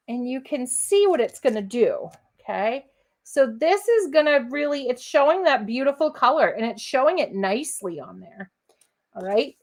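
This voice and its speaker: Slow-talking chatty woman crafting host. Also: high-pitched. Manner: chatty, encouraging, addresses viewers as friends. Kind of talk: live crafting demonstration.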